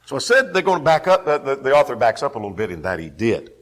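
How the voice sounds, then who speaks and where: A man's voice: medium pitch, sing-song, quick pace. A man teaching a Bible class, emphatic, repeating key phrases and putting questions to the class.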